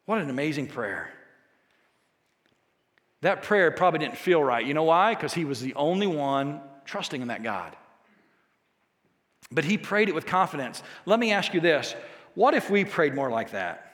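A man preaching a sermon, telling a scripture story with emphatic, animated delivery. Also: a little high, normal speed, pauses often. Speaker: pastor. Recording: long reverb of a large hall.

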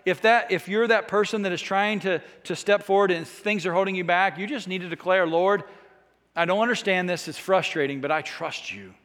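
A man's voice: high voice, fairly quick, fairly bright tone, in a large hall. A man preaching a sermon in an earnest, conversational way, with small restarts. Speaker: pastor.

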